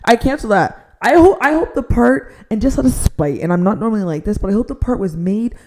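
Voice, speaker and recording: A young adult woman telling a frustrated storytime rant, filling her talk with "like" and dropping to a near-whisper so she won't shout. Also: a little high, animated, quick pace, a little hiss or hum. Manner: exasperated, heavy use of "like", drops to a near-whisper to avoid shouting. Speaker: storytime vlogger.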